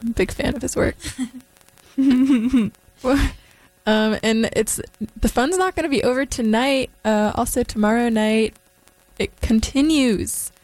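A young woman hosts a small radio show from the studio, her voice sitting a little high. She talks loosely and casually, filling gaps with ums and quick laughs. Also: no room sound, low-quality recording. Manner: relaxed, filler-heavy, giggly. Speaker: college radio host. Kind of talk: casual on-air chat.

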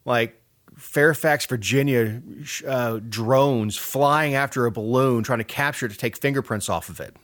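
A middle-aged man from Georgia co-hosts a casual political talk show in a mid-range, fairly bright voice at a moderate pace. He is sarcastic and rambling and restarts often.

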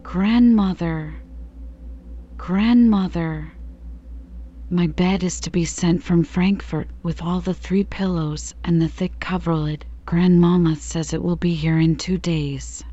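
Eager little girl, read by a woman, mellow and slightly low. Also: takes it slowly. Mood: excited. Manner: eager, excited. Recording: slightly dull lo-fi recording.

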